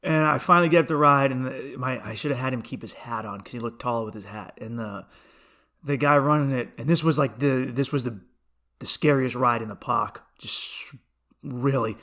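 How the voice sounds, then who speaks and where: Brief: male comedian host, casual rambling monologue, sharp bright tone, medium pitch. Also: normal speed. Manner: rambling storytelling, self-interrupting with restarts and asides.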